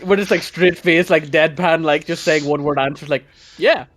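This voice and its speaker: A man playing a tabletop game, chatting quickly and apologetically between laughs. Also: on the high side, fairly even intonation, a bit bright. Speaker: player.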